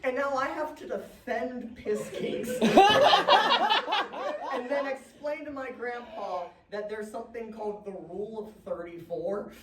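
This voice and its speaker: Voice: medium pitch, a little slow, distant mic. A comedian in their twenties telling stories on stage, often chuckling between punchlines. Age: 20s. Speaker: stand-up comedian. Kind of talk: stand-up storytelling. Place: comedy venue stage with live audience. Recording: roomy, from the mic, audience noise.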